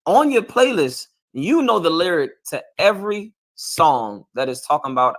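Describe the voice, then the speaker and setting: A man's voice: a little high, sing-song, moderate pace, few pauses, fairly bright tone. A man preaching a confrontational sermon as a street preacher, lecturing his listeners and often asking "You understand?".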